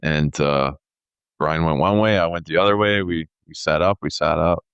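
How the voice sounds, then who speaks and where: A man in his thirties telling a story in casual podcast chat, animated and peppered with "dude" and "like". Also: a bass voice, normal speed, clear, resonant tone, no room sound, muffled recording. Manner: animated storyteller, says "dude" and "like", acts out quoted voices. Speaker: podcast co-host.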